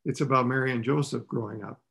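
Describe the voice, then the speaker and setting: A man preaches quickly in a steady, slightly bright tone, keeping it conversational and throwing rhetorical questions at the listeners. His pitch goes up whenever he speaks the characters' lines.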